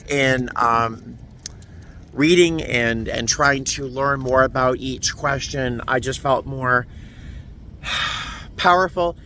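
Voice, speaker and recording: A man's voice: mid-range voice, sharp tone, a little hiss or hum. Emotional man vlogging from his car. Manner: emotional, halting, many restarts. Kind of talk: casual vlog to camera. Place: in a parked car.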